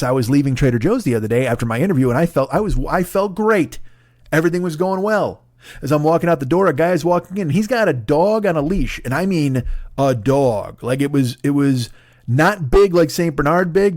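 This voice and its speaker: Man, forties, podcast comic; profane animated rant, dry close sound. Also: fairly high pitch, fairly quick, no echo. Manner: profane, ranting, animated storytelling. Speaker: comedian podcast host. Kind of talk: casual comedic monologue.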